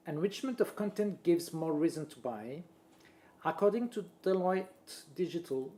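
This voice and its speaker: A man, a presenter reading a marketing talk aloud in a steady voice and listing points one after another. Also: fairly high pitch. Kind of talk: read-aloud presentation voice-over.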